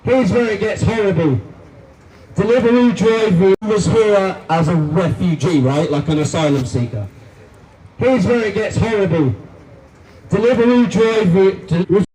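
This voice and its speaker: A man giving a rousing political rally speech, repeating lines and calling the crowd guys. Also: high voice. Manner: forceful, repetitive, rousing, addresses crowd as guys. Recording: distant voice with faint crowd noise.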